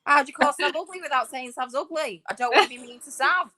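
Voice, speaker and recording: Female co-host with a softened Northeast English accent, bright and animated, chatty delivery. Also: high voice, fast talker. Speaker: podcast co-host. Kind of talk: casual chat.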